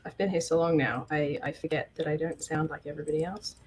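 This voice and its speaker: A woman's voice: low-pitched, fairly even intonation, fast, a little mellow, slight background noise. A woman from southeast England with a Kentish accent, chatting casually, her sentences often rising at the end. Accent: Kentish English. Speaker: artist co-host. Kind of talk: casual chat.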